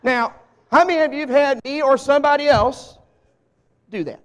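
High-voiced Southern US pastor, folksy. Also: male voice, moderate pace, fairly bright tone, in a large hall. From Southern US (Arkansas). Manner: folksy, jokey, talks straight to the congregation. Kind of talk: humorous sermon. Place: church sanctuary with a live congregation.

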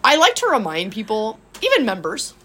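Her voice is husky and a little high, at a moderate pace. She's a gym coach co-hosting a podcast from a small office, chatting casually and laughing through lively stories.

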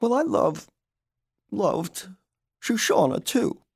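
A man's voice: high voice, very animated, normal speed, vocal fry, dark tone, breathy edge, dry recording, clean studio sound, pitched above the performer's own voice, exaggerated voice. A man voicing a grieving woman neighbor. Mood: bitter. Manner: tearful, choked, pleading.

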